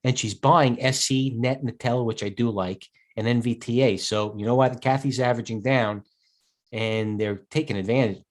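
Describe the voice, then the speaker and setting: Here a middle-aged stockbroker runs a live market stream, his medium-pitched voice steady and his pace normal. He comes across tired and rambling, drifting into digressions and pausing to respond to viewers' questions.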